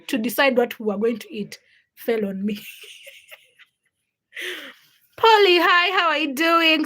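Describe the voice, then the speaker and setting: Young female streamer, slightly high voice, chatty and giggly, casual live-chat delivery. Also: sharp tone, poor audio. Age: young adult. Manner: chatty, laughs often, greets commenters by name. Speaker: livestream host.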